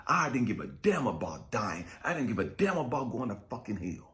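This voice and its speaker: Intense, swearing man with wild pitch swings. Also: very animated, a little fast, hardly any pauses. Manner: raw, profane and intense, swinging from shouts to whispers. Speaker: spiritual coach. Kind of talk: emotional personal testimony.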